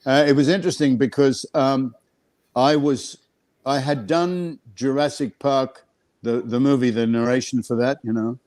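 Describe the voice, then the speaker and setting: A man's voice: medium pitch, fairly even intonation, moderate pace, a little mellow. Man from australia, guest actor, chatty anecdotes, laughs a lot, video call. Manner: anecdotal, laughing often, hesitant fillers. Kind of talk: casual storytelling on a video call.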